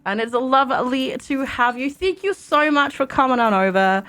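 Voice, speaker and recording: A woman's voice: high-pitched, normal speed, fairly bright tone. A woman from Germany streaming a game live, chatting casually and greeting viewers by name into a desk microphone.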